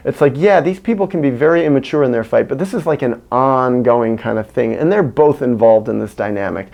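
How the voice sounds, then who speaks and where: Male vlogger, mid-pitched, fry in the voice, candid and searching, restarts as he thinks aloud. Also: brisk, few pauses, darkish tone. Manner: candid, earnest, searching for words. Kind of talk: reflective personal monologue.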